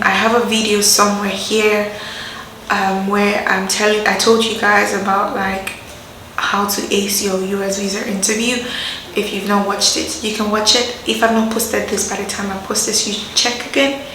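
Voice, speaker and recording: Animated young Nigerian woman vlogging. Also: mid-range voice, moderate pace, echoey room, slight background noise, rough recording. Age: young adult. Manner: animated, acts out quoted voices, laughs often. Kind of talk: casual storytelling to camera.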